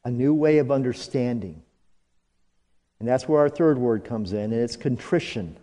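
A male pastor preaching a sermon, slow and dramatic, jumping to high emphatic bursts and dropping to hushed asides, leading the congregation in call-and-response. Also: expressive. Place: church sanctuary. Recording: long reverb of a church hall.

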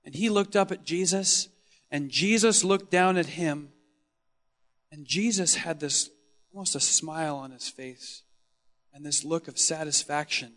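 A preacher delivering a first-person dramatic sermon monologue, telling the story with strong emotion and moving between loud exclamations and hushed tones. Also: male voice, on the high side, measured pace.

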